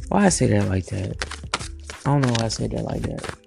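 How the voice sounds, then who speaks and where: A woman's voice: extremely low pitch, very animated, measured pace, creaky, pauses often, darkish tone. A woman giving a loose, profane, playful tarot reading to her viewers in a casual vlog. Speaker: tarot reader. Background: music playing.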